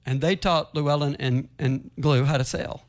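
Male studio guest, sailing teacher, somewhat high voice, easygoing storyteller. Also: steady tone, normal speed. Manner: storytelling, easygoing, acts out quotes. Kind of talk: storytelling in casual chat. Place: radio studio.

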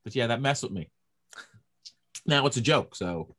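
Animated man telling stage stories. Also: medium pitch, moderate pace. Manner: animated storyteller acting out quoted voices. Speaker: stand-up comedian guest. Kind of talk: casual storytelling chat.

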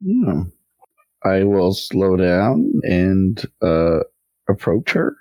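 During a tabletop game, a male player thinks aloud and hesitantly weighs his character's next move. His low, darkish voice swings widely in pitch and he speaks extremely slowly, with no room sound.

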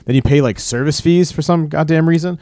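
A man's voice: fairly high pitch, dry recording, clean studio sound. A man co-hosting a casual podcast chat, griping and swearing about prices. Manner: rapid, lively, swearing complaints. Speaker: podcast co-host.

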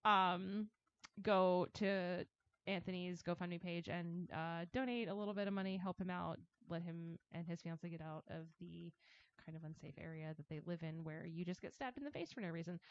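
A young woman hosts a casual podcast in a small studio, bubbly and given to quick laughs. Her voice sits in a middle range, recorded close and dry with a slightly dull, muffled tone. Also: lowish voice, no room sound. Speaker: podcast host.

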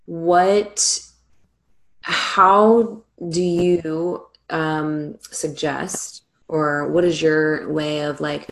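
A woman hosting a podcast, asking loose questions with many ums and giving soft backchannels. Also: deep voice, little pitch movement, extremely slow. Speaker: podcast host. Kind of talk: casual podcast interview.

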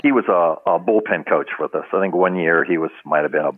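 A man's voice: low voice, brisk, phone-quality sound. An older man, a retired baseball trainer, telling stories in a casual interview and acting out the voices of the people in them. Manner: animated storyteller acting out quotes, laughs often. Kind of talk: casual storytelling in a podcast interview.

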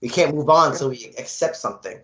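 Mid-pitched man explaining casually. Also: lively intonation, quick pace, sharp tone. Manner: explains things in a loose, filler-heavy way. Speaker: podcast co-host. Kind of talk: casual podcast chat.

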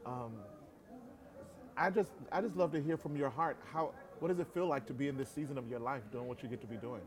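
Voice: medium pitch, fairly quick, crowd noise. An encouraging podcast host in casual conversation. The host answers often with short, emphatic affirmations and asks reflective questions at an easy, conversational pace. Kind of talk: casual interview chat.

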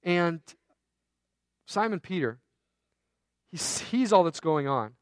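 A man's voice: on the high side, sing-song, takes it slowly, clean tone, no room sound. Conversational male pastor telling a story. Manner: conversational storytelling, self-deprecating asides. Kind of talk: sermon.

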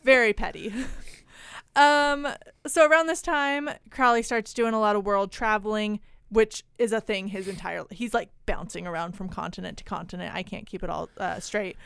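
A woman co-hosting a podcast, telling a story in a loose, wry, chatty way. Her voice is very clear and crisp, and it sounds close and dry. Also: medium pitch, steady tone, normal speed, a bit bright, no room sound. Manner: wry, chatty, many fillers. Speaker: podcast co-host. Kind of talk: casual storytelling chat.

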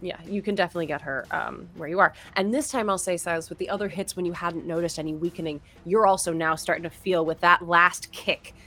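A woman's voice: on the low side, fairly even intonation, quick pace, hardly any pauses, pushed and bright. A woman running a tabletop game, narrating the action and patiently explaining the rules. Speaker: game master.

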